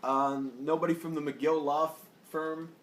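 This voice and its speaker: Guy rambling about a tv episode, kinda high voice, echoey room, bit of hiss. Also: little pitch movement, measured pace. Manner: laid-back, rambling, joking. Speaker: podcast co-host. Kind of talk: casual TV review chat. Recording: echoey room with faint noise.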